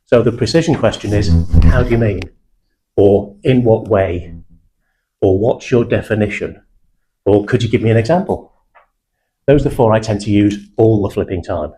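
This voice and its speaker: A man's voice: on the low side, moderate pace, pauses often, dark tone, low-quality recording. A man, teaching a live sales training session in a blunt, confident manner with British slang. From England (South Manchester).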